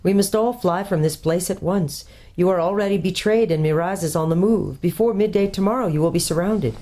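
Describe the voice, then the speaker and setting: A woman's voice: fairly low pitch, brisk, dark tone, voice pushed up, natural voice. A woman doing a courtly, learned old tutor. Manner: courtly, precise, explaining. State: out of breath from hurrying. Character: learned old male tutor, brisk, kindly.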